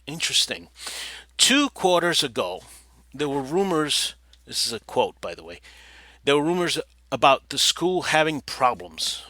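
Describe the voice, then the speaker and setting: Sarcastic guy reading an article out loud, keeps going off on tangents, really bright cutting voice, dry close sound. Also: a little high, dry recording. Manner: sarcastic, digressive, bursts into loud mock voices. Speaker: podcast host.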